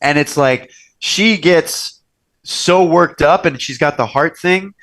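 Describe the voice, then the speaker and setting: A young man hosting a casual chat show from a restaurant's wine cellar, telling stories and acting out quoted lines in bigger voices. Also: takes it slowly. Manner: animated storyteller, acts out quotes with big pitch jumps. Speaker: podcast host.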